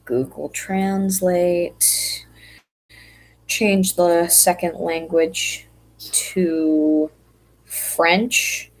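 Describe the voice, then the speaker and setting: A woman's voice: fairly low pitch, steady tone, drawn-out words, long pauses, rough recording. A woman from the United States chatting casually on a livestream while she draws, rambling and poking fun at herself. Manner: chatty, rambling, self-mocking. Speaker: streamer.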